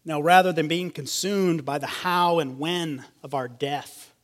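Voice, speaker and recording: Man preaching a measured sermon. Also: fairly high pitch. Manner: measured expository preaching, slowing for emphasis. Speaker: pastor.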